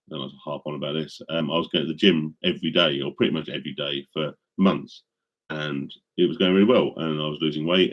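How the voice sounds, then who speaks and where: A man's voice: very deep voice, lo-fi sound. A middle-aged man casually chatting with viewers on a live stream, rambling with many ums and restarts, into a studio microphone.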